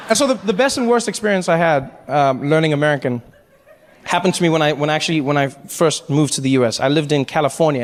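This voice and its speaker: A middle-aged man with a South African accent doing animated, self-mocking stand-up storytelling. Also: fairly high pitch, long reverb tail, slight background noise. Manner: animated, self-mocking, rising to near shouts. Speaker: stand-up comedian.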